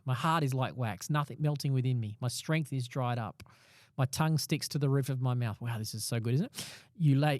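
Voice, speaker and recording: A man's voice: medium pitch, a little mellow, no room sound, studio quality. A man co-hosting a casual Bible discussion, explaining passages and reading a psalm aloud with rising emphasis. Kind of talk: casual Bible study chat.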